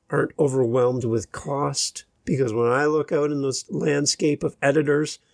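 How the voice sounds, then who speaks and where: Slow, gravelly-voiced male podcast host. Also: a little high, darkish tone, no echo, studio quality. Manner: slow, deliberate delivery with long pauses. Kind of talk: solo podcast monologue.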